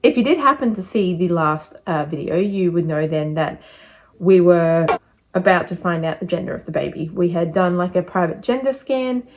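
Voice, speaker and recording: A woman's voice: fairly low pitch, moderate pace, a little hiss or hum. A young woman giving a casual vlog update, chatty and rambling, a little out of breath. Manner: chatty, rambling with many fillers. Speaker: vlogger.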